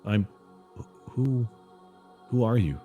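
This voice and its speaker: A man's voice: fairly low pitch, animated, warm tone, soft background music. A man voicing a nervous young woman who stammers and halts. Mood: flustered. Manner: halting and stammering.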